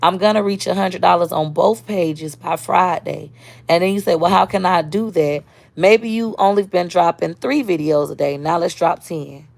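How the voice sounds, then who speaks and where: Blunt, gravelly woman on a live stream. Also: lowish voice, moderate pace, darkish tone, dry recording. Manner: blunt, streetwise, reads and answers viewer comments. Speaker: social media creator. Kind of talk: casual live-stream talk.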